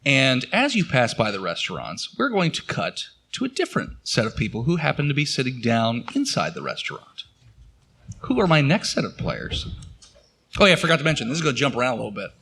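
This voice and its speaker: A man's voice: mid-range voice, huge pitch swings, fairly quick, creaky, a bit bright, slight background noise. A man narrating scenes as game master of a tabletop role-playing game, describing things with some fillers.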